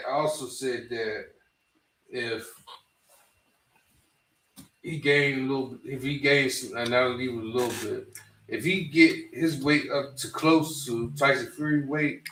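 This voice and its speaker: A man co-hosting a podcast, talking laid-back and slangy, with halting restarts. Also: medium pitch, fairly bright tone, distant mic, a little hiss or hum. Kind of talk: casual chat. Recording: roomy echo, off-mic.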